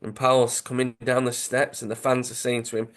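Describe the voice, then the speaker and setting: This podcast co-host has a mid-range voice that moves little in pitch, and he talks briskly. In a relaxed chat, he eagerly recounts the plot of a comic.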